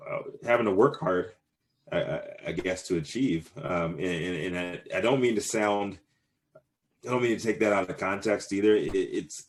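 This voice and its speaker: Man, thirties, very low voice, casual interview talk, lots of ums and restarts. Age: 30s. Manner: rambling, many fillers and restarts. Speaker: cannabis business owner, guest.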